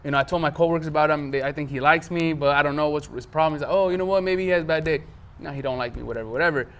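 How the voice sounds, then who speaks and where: A man's voice: a little high, very fast, clear, resonant tone. A man hosting a podcast in casual chat, swearing freely and acting out the texts he quotes. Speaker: podcast host.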